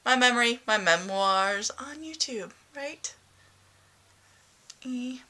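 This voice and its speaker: A woman's voice: fairly high pitch, expressive, takes it slowly, bright, forceful tone. A woman vlogging casually about her day at home, candid and chatty. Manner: chatty, candid, sing-song with her cat. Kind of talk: casual video diary. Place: at home, bedroom.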